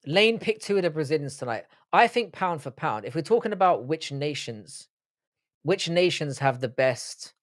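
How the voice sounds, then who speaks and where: This livestream host has a voice on the high side, captured in clean studio audio with no room sound. He chats casually, reads out comments from chat, and answers them with banter full of swearing.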